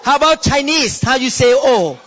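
A man with a very high, animated voice delivers a sermon, swinging widely in pitch and bursting into exclamations and laughter. He speaks slowly and deliberately. The recording is dull and lo-fi, with long reverb from a church hall. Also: some chatter behind, slight background noise. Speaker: pastor.

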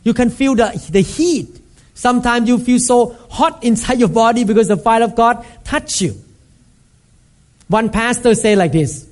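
High-voiced man preaching. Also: unhurried. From Thailand. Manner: emphatic, repetitive, acts out scenes with sudden shouts. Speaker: pastor. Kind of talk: sermon.

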